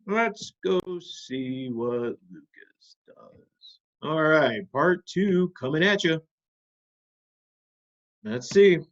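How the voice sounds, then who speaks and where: Patient teacher with a dull lo-fi sound. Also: male voice, on the high side, expressive, very slow, pauses often. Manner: patient, guiding questions to students. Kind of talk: classroom video lesson.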